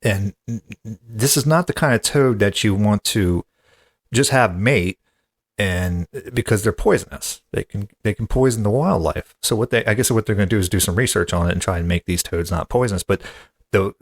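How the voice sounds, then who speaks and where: Male comedy podcast host, lower voice, casual rambling delivery with exasperated asides. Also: normal speed.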